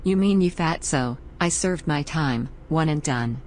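A synthetic woman's voice that reads chat messages aloud in a flat, even way. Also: low voice, unhurried. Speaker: text-to-speech chat message reader.

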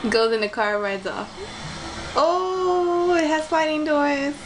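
A woman's voice: high-pitched, slow pace, background noise. A young woman reacting to a music video in a casual vlog, chatty and rambling, gushing and giggling like a fan.

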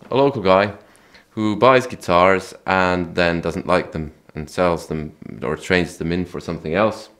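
A man who hosts his own channel, talking casually about his guitar in a relaxed, chatty way, often correcting himself. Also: low-pitched. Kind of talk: casual gear talk to camera.

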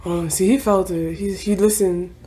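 A woman's voice: lowish voice, fairly even intonation, moderate pace, warm tone. A young woman doing casual anime reaction commentary, exasperated and emphatic, full of slang, repeats and swearing.

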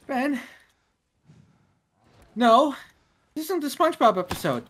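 A man chatting while playing a video game with a friend, loud and ranting, swearing and mock whining. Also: very high-pitched, big pitch swings, measured pace, pauses often. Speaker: host of gaming channel. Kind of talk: casual gameplay chat.

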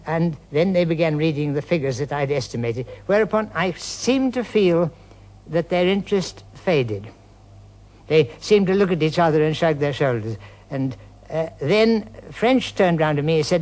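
Older man, higher-voiced halting recollection. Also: a little mellow. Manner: hesitant, repeating words, quickening when quoting others. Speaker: former pilot interviewee. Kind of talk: archival interview recollection.

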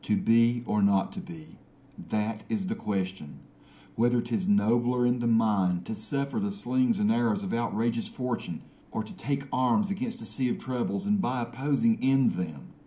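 A man's voice: on the low side, normal speed, mellow, close to an everyday voice. A man reading a tragic soliloquy in a put-on English accent, with theatrical, self-consciously grand delivery. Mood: solemn. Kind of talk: dramatic recitation.

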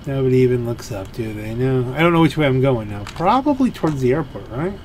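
A man's voice: medium pitch, very animated, brisk, a little mellow, a little hiss or hum. Rambling man musing over a game. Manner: rambling and musing, full of fillers. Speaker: gameplay commentator. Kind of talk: let's play commentary.

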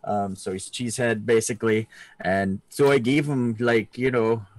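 A man's voice: on the low side, steady tone, moderate pace, darkish tone, no echo. A man co-hosting a casual chat about his week of tabletop gaming, rambling with many fillers and restarts. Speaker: podcast co-host.

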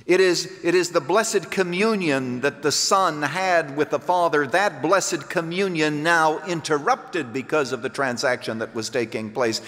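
A man preaches a sermon at an unhurried, deliberate pace, his voice trailing off into long reverb. He moves from hushed, low lines to emphatic ones, and he sounds like a pastor in a church sanctuary.

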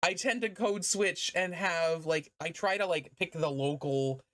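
A woman's voice: on the low side, measured pace, a bit bright. A woman streamer in casual let's-play commentary, rambling and self-deprecating and laughing often.

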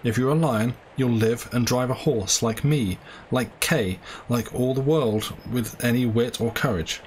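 A man reading aloud voices a cool, cynical doctor who lectures a younger man with calm assurance. His voice sits at an ordinary middle pitch, steady and persuasive, over a faint room ambience. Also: unhurried, slight background noise, close to an everyday voice. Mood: coaxing. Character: smooth, cynical male doctor, worldly and persuasive.

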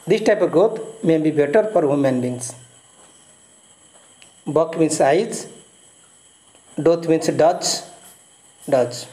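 A male teacher with an Indian English accent works through a poem, repeating key words and explaining each one. His voice sits high for a man and stays mellow and soft-edged. The recording carries a noticeable room echo. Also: takes it slowly, pauses often. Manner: repeats key words and glosses meanings step by step. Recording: echoey room.

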